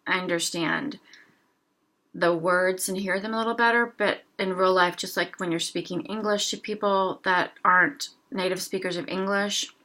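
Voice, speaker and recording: A woman teaching a language lesson, reading short dialogues aloud slowly and explaining each phrase, with a sore throat she keeps clearing. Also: fairly low pitch, steady tone, pushed and bright.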